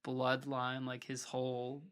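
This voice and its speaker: A man's voice: mid-range voice, monotone, slow pace, a bit bright, clear, resonant tone. A man chatting casually as a podcast guest, rambling and filling almost every phrase with "like". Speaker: podcast guest, hardcore vocalist. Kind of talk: casual conversation.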